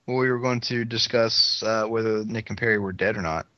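A man's voice: fairly low pitch, steady tone, dry recording. Hesitant podcast guy, muffled dry lo-fi mic. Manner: halting, hesitant, filler-heavy. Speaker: podcast co-host. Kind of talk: casual chat. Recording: dull dry lo-fi sound.

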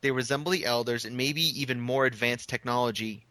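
A woman co-hosting a podcast in casual group chat over a call, teasing and quick to laugh. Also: a bass voice, steady tone, a bit bright, no echo. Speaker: podcast co-host.

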